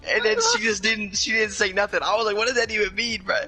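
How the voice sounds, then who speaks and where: A young man telling a casual story time, animated and full of profane slang, jumping up high when he quotes himself. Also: fast talker. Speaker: storyteller guest.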